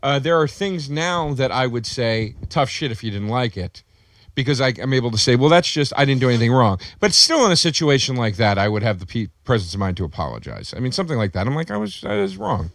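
A man's voice: mid-range voice, animated, quick pace, few pauses, a bit bright, no room sound. A male comedian telling a story in casual podcast talk, acting out the quotes with plenty of life.

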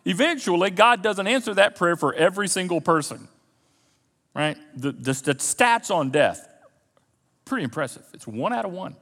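A man's voice: high voice, lively intonation, moderate pace, fairly bright tone, big-room sound. A man preaching a sermon as a pastor, talking conversationally with repetitions and asides to the congregation. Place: church sanctuary.

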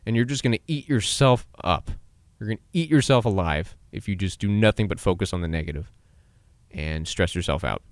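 A man's voice: fairly low pitch, lively intonation, brisk, dry recording, studio quality. A man in his twenties hosting a solo podcast, talking casually and giving pep-talk advice, acting out quotes and laughing at himself. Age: 20s. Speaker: podcast host.

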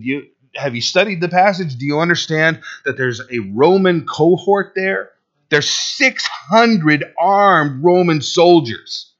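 A male pastor preaching a sermon, swinging between loud and hushed delivery and acting out quotes. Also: a little high, highs cut off.

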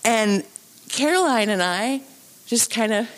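A woman telling a true story live on a theatre stage into a microphone, animated and acting out the voices of the people in it. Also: on the high side, slow pace. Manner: animated, acts out voices and sounds.

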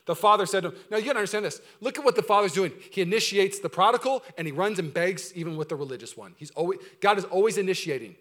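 Guy pastor preaching in church, talks fast, kinda forceful bright tone, chatty and funny, gets loud then real quiet. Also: sits high. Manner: energetic conversational preaching with humor; swings between loud emphasis and quiet intensity. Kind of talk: sermon. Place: church service before a congregation.

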